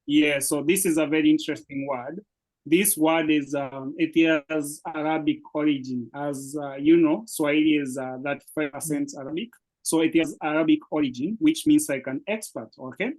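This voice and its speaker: In a low-quality recording, a Kenyan-accented man teaches Swahili one-on-one, patiently explaining words and encouraging his student amid many fillers. His voice is fairly high and darkish, with fairly even intonation and a moderate pace.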